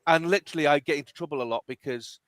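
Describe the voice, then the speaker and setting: An animated, emphatic middle-aged man hosts a casual podcast. His voice sits a little high for a man and sounds close and dry, with no room around it. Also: very fast, no echo. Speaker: podcast host.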